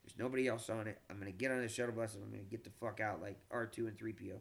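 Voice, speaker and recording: A middle-aged man, a comedian, telling a long story in a casual, animated, profane way, with frequent stammered restarts. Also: fairly low pitch, rapid-fire, creaky.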